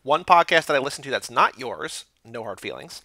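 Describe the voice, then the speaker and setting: A man's voice: mid-range voice, animated, gravelly, pushed and bright. A man co-hosting a casual podcast, reading listener emails aloud and stopping to react. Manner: reads emails aloud in chunks, pausing for reactions. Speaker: podcast co-host.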